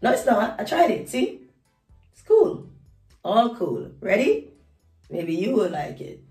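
A woman's voice: mid-range voice, big pitch swings, slow, mellow, distant mic, soft background music. A woman, a vlog host and mother, chatting at home in a playful, teasing, laughing way. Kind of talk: casual home vlog chat. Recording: echoey room.

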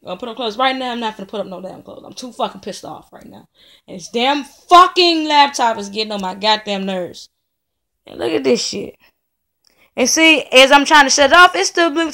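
A woman's voice: fairly high pitch, a bit bright. A young woman rants furiously into a camera. She swears constantly and circles back to the same complaint over and over. Her talk is an angry, casual vlog vent from her home studio. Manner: profane, ranting, repetitive. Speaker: vlogger. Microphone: camera in front of her.

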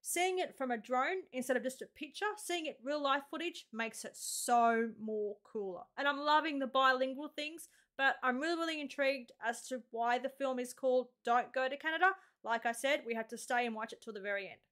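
A woman's voice: sits high, fairly quick, hardly any pauses, a bit bright. An Australian woman hosting a casual reaction video, gushing with lots of exclamations and gasps.

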